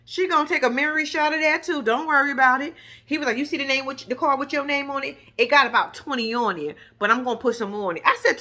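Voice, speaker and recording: A woman with a high, bright voice tells a story in a casual vlog. Her pitch swings widely as she acts out each person's lines, and she swears freely. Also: quick pace. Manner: animated, profane, acts out others' lines. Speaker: storyteller recounting a reality-show shoot.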